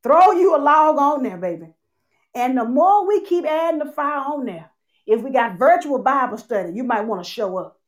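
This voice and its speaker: A woman preaching a sermon, calling out to her church and swinging between loud and soft. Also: high-pitched, sing-song, normal speed. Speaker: church speaker.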